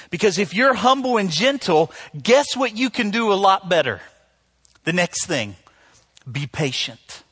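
A middle-aged man preaching a sermon as pastor, telling stories with sudden loud bursts that drop back to soft, earnest lines. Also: a little high, husky. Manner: storytelling with sudden loud outbursts, then soft.

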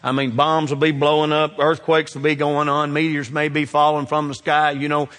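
Middle-aged man, pastor preaching, fairly high voice, rises loud then drops to a hush, long hall reverb. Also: completely flat delivery, moderate pace. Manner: swings between loud exhortation and hushed asides. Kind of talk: sermon.

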